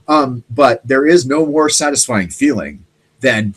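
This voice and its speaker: A man hosting a casual solo talk show, rambling and animated, now and then mimicking other people's voices. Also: mid-range voice, brisk, poor audio. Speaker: podcast host.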